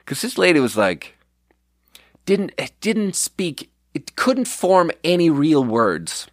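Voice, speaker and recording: A man's voice: on the high side, big pitch swings, takes it slowly, no echo, studio quality. Rambling, profane young man telling stories. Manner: rambling, profane, self-deprecating. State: sleep deprived. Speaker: podcast host. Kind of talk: casual storytelling monologue.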